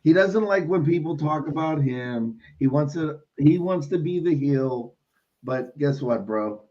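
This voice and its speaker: A man's voice: fairly high pitch, lively intonation, measured pace, warm tone. A man tells stories with emphatic stress, breaking in with hey and listen. His stream audio sounds a bit dull and lo-fi. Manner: storytelling, emphatic, says listen. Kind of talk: casual live-stream talk.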